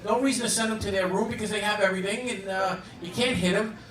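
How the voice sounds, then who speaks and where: A man in his fifties doing a stand-up comedy set on a club stage, with a halting, deadpan delivery full of fillers. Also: high voice, a crowd in the background. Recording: roomy club sound, audience recording from a distance.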